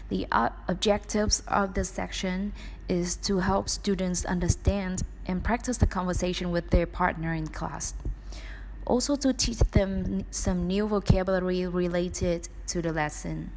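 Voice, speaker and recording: A woman teacher calmly explaining how to teach a vocabulary and conversation section. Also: fairly low pitch, measured pace, a little hiss or hum, poor audio. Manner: plain, explanatory with some hesitations. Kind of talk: explaining a lesson plan.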